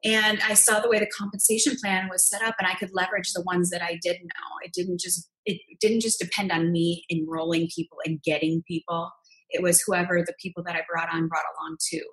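A woman speaks as an interview guest, sharing her own story in an earnest, confessional way. Her voice sits fairly low, and she keeps a narrow, even pitch as she talks. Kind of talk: candid personal storytelling.

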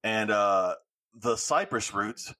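Podcast host, bright and lively, swears freely while telling stories, dry close mic. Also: male voice, fairly low pitch, slow, dry recording. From Louisiana. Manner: animated storytelling with swearing. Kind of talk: casual chat.

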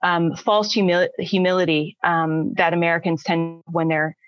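A woman's voice: lowish voice, flat delivery, normal speed, dry recording, dull audio. A woman hosting a casual interview, thinking aloud and asking long questions. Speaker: host.

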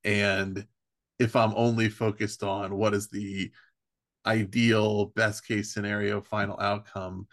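A man hosting a podcast interview, talking in a thoughtful, measured way. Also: on the low side, level tone, fairly bright tone, dry recording, studio quality. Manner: thoughtful, measured, with fillers like "right" and "you know". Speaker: podcast host.

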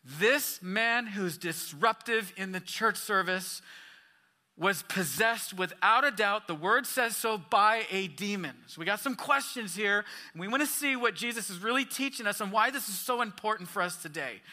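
A man's voice: high-pitched, animated, normal speed, pushed and bright. A man pastor preaching a sermon, reading scripture and asking questions of the congregation with emphatic rises and falls.

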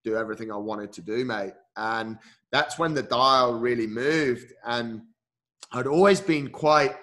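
A man's voice: mid-range voice, a little slow, fairly bright tone. A man, an endurance coach, telling a personal story as an interview guest, speaking earnestly and candidly, often saying "mate" and restarting his sentences.

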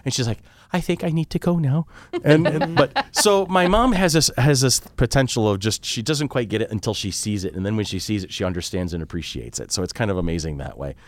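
With hardly any pauses, a forties-aged podcast co-host chats casually at a fairly quick clip, animatedly acting out quotes in his stories. His voice is fairly low, and there's no room sound.

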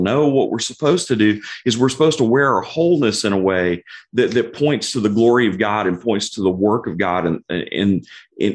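A middle-aged man teaching a Bible study in an earnest way, often repeating a word as he starts a phrase. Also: mid-range voice.

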